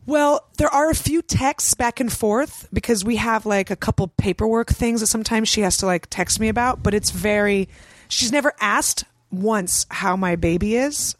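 A woman's voice: mid-range voice, moderate pace, no room sound. A woman in her thirties, a comedian guest, chatting casually with jokes and plenty of swearing. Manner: profane, joking, animated. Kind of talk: casual chat.

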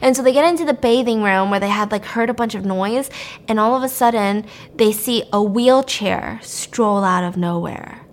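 A woman casually recapping a horror movie as a storyteller, animated and profane, often breaking into laughter. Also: mid-range voice, normal speed.

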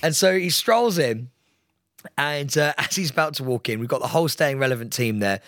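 A man's voice: mid-range voice, fairly quick, no room sound, clean studio sound. A man co-hosting a podcast, telling a story in casual chat, swearing freely and acting out what other people said. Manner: animated, swears freely, acts out others' voices. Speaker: podcast co-host.

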